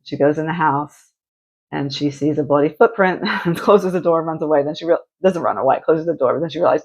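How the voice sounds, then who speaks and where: Gravelly woman rambling through a crime story. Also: low-pitched, fairly quick, darkish tone, lo-fi sound. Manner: rambling, many restarts and fillers. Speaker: streamer. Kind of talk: casual chat retelling a true crime story.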